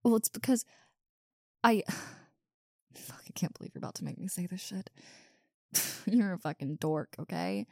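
A woman's voice: lowish voice, very animated, measured pace, long pauses, mellow, no echo, clean studio sound, heavily acted. A woman voicing a big, muscular wolf monster girl who stammers, swears and talks bluntly in an audio role-play. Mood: shy confessing.

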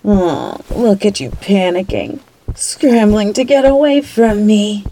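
A woman's voice: mid-range voice, lively intonation, takes it slowly, dark tone, slight background noise. A woman voicing a cocky, mean female bunny villain who taunts and swears in an audio role-play. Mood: taunting. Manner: taunting, mocking, swears a lot.

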